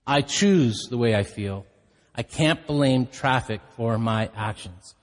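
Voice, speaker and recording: A middle-aged pastor with a medium-pitched voice and lively intonation speaks slowly as he preaches in a church hall. He tells stories candidly and pokes fun at himself, and the recording has hall reverb.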